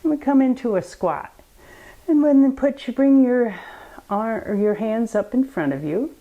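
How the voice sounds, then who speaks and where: A woman guiding children through a bedtime yoga story, with gentle, coaxing and playful instructions. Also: fairly high pitch, lively intonation, moderate pace, narrow, tinny audio. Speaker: kids yoga teacher.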